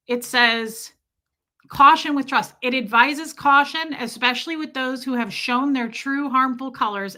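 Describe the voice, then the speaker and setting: A woman with a bright, clear voice pitched a touch high talks casually on a live stream, reading and answering viewer comments. She is chatty and reflective, drawing out the phrases she wants to stress. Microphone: streaming mic.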